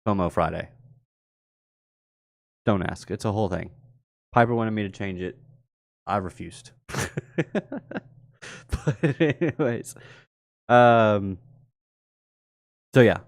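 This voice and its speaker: A man's voice: on the low side, slow pace, creaky, long pauses, no echo, clean studio sound. A young man hosting a live stream, chatting casually and rambling, laughing often as he talks. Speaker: host.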